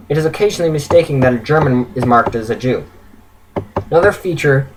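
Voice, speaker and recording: A man's voice: medium pitch, low-quality recording. A man reading his own written story aloud in an earnest way, with stumbles and self-corrections.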